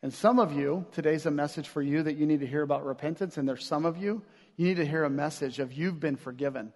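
A man's voice: on the high side, fast, a little mellow. A man preaching a sermon as pastor, in a casual, conversational way with slang and acted-out asides. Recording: long hall reverb.

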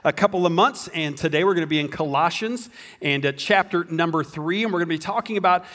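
A man's voice: a little high, fast, fairly bright tone. A man preaching a sermon as pastor, telling a story with jokes and restarting his sentences often. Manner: storytelling, joking, many restarts.

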